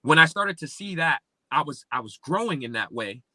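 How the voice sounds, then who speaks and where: A man from Pennsylvania, a podcast guest, telling his story in an animated, casual way, acting out what people said and leaning on "like" a lot. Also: fairly high pitch, normal speed, no room sound. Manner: animated, acts out quoted speech, many fillers like "like".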